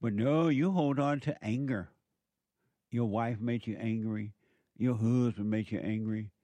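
A man's voice: mid-range voice, measured pace, mellow, no room sound. Man preaching with emphatic repetition. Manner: emphatic, repetitive, rhetorical questions. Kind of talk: preaching monologue.

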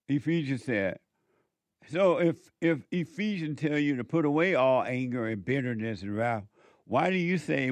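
A man preaching a sermon, scolding and emphatic, with sudden swings in loudness and pitch. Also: lively intonation, measured pace, no echo.

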